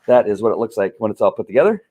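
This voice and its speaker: A man's voice: lowish voice, big pitch swings, very fast, a little mellow, a little hiss or hum. A man in his home studio, rambling casually with many fillers while unboxing a gift on a live stream, a little out of breath.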